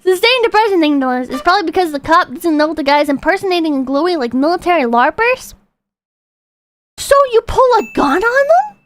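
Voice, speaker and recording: A woman livestreamer commenting casually on videos, with profane, excitable outbursts between calm readings of donations. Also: extremely high pitch, brisk.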